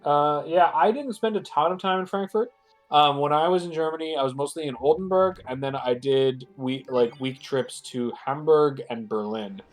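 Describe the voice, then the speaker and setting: A man's voice: fairly high pitch, moderate pace, faint music behind. A man with a stuffed-up nose chatting casually as a guest on a game stream, rambling and joking with lots of fillers. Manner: rambling, filler-heavy, jokey.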